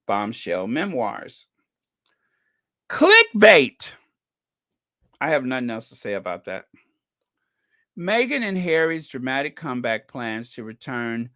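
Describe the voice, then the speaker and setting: A man's voice: mid-range voice, fairly bright tone. A man hosting an online channel, chatting casually and reading out viewer comments with opinionated, mocking asides. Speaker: channel host.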